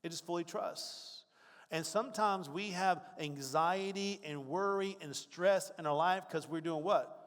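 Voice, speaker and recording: A man's voice: high voice, unhurried, few pauses, in a large hall. A man preaching a conversational sermon, now and then acting out worried, whiny voices.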